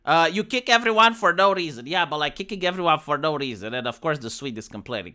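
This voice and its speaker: Talking fast with hardly a pause, a Romanian-accented streamer and ex-raid leader rants about leading raids, blunt, animated and swearing a lot. The voice is mid-range, and the setting is a casual livestream.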